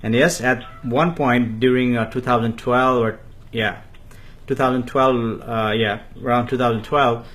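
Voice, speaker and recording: Brief: man, spiritual teacher answering viewer comments on a live stream, halting delivery full of fillers. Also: medium pitch, fairly even intonation, a bit bright. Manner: refers to himself in the third person, slow and halting with many fillers.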